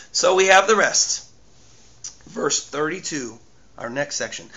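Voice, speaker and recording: A man's voice: fairly high pitch, sing-song, a little slow, pauses often, bright, forceful tone, dull audio. A male pastor preaching a sermon emphatically and repeating his key phrases.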